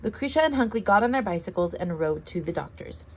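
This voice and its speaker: Lively woman reading a children's story. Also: mid-range voice, quick pace. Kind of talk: children's story read-aloud.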